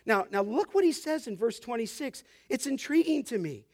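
A male pastor preaching an expository sermon, pressing his points hard and getting louder on scripture. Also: very high voice, very animated, normal speed. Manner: emphatic preaching, rising loud on scripture.

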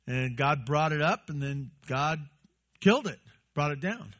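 A man's voice: fairly high pitch, expressive, a little slow, fairly bright tone, highs cut off. A male pastor giving a conversational sermon and putting questions to his congregation.

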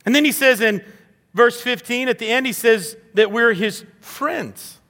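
A man's voice: very high voice, unhurried, pushed and bright, big-room sound. A man preaching a sermon in an earnest, conversational way, acting out little quoted voices as he goes. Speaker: pastor.

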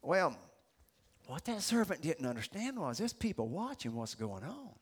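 A middle-aged pastor preaching a sermon, animated and acting out the characters he describes. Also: on the high side, moderate pace, husky. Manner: animated storytelling, acts out voices.

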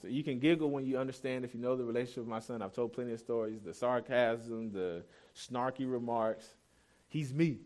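A man's voice: medium pitch, a little fast, darkish tone. A man in his thirties preaching a sermon as pastor, telling a family story in a candid, self-deprecating, conversational way.

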